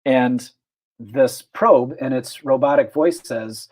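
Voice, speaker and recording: A man's voice: medium pitch, takes it slowly, darkish tone. A man narrating as game master of a tabletop role-playing game, explaining rules with fillers and restarts.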